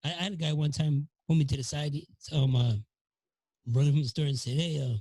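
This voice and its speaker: Male podcast host, gravelly and husky, dark tone, dry close sound, preachy and encouraging. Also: a little high, brisk, no room sound, poor audio. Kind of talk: casual faith talk.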